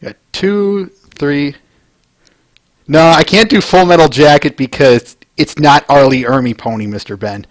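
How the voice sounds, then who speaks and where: A man's voice: on the high side, unhurried, no echo. A man hosting a comic reading who talks casually to his viewers and often laughs. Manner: chuckles often, chatty asides to viewers. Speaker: host reading comics aloud. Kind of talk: casual chat.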